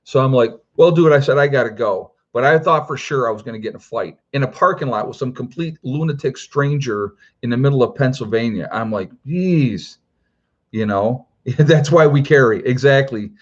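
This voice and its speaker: A man's voice: mid-range voice, fairly quick, few pauses, dull audio. A middle-aged man hosting a prepper channel, telling a story casually and rambling with lots of filler words. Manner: rambling, many "you know" fillers.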